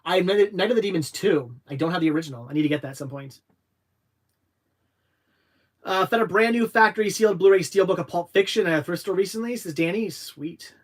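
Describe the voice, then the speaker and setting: Rambling man reading live chat aloud. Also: high-pitched. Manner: rambling, halting, reads viewer questions aloud. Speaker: livestream host answering chat. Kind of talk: casual livestream chat.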